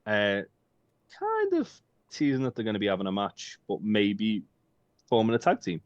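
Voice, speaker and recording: Low-voiced man, sweary and rambling. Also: wildly swooping pitch, normal speed, no room sound. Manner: sweary, jokey, rambling with many ums. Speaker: podcast co-host. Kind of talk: casual chat. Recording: dull dry lo-fi sound.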